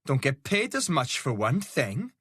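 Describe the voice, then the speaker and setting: A man's voice: mid-range voice, sing-song, measured pace, a bit bright, husky, no room sound, clean studio sound, voice pushed up, exaggerated voice. A man voicing a hot-headed male bowman who swears freely. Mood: indignant.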